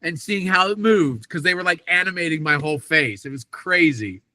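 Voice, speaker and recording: A man guesting on an interview podcast, telling animated stories about his acting work and acting out the quotes. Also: fairly high pitch, a little fast, dry recording. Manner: animated anecdotes with acted-out quotes. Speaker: voice actor guest. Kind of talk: casual interview storytelling.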